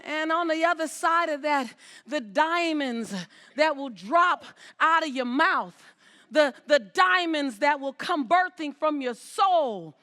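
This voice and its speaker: A woman with a high, ringing voice gives an inspirational talk from a stage before a live audience. She speaks with emphasis, doubles back on her words and calls out to the crowd, her tone sharp and bright. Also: expressive, slow. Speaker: motivational speaker.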